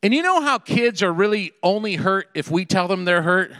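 Animated storytelling pastor, bright voice. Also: male voice, high voice, normal speed, dry recording, long reverb tail. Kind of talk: sermon. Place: Seattle area.

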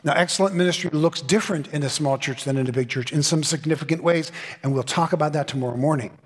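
A man's voice: fairly high pitch, quick pace, breathy edge. A middle-aged man preaching a conference sermon with punchy, comic asides and mock voices. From Southern California. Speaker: pastor. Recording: long hall reverb.

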